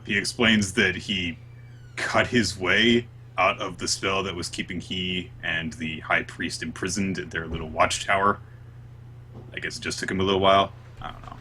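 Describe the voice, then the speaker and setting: A man co-hosting a podcast, recapping chapters in casual chat and jumping into quick voices for the characters. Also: deep voice, slightly rough. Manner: animated, acts out characters' lines in quick put-on voices. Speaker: podcast co-host.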